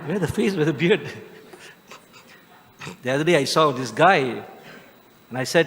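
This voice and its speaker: Malaysian priest in a reverberant church. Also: male voice, on the high side, lively intonation. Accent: Malaysian English. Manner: homely, joking, with drawn-out emphatic phrases. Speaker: Catholic priest. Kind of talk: Christmas homily. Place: large church.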